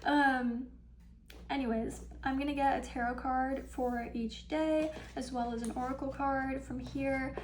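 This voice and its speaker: A young woman doing a casual, upbeat tarot card reading, chatty and full of ums and small laughs, with some vocal fry. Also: high-pitched, steady tone, measured pace, poor audio. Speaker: tarot reader.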